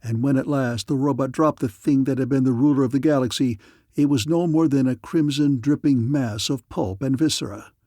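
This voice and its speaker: A man's voice: mid-range voice, mellow, no room sound, clean studio sound. Man narrating a sci-fi audiobook. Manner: dramatic, measured storytelling.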